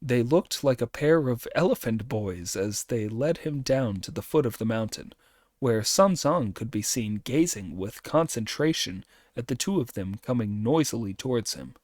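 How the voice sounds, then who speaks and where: A man narrating an audiobook in an expressive reading. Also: mid-range voice, normal speed, no echo, studio quality.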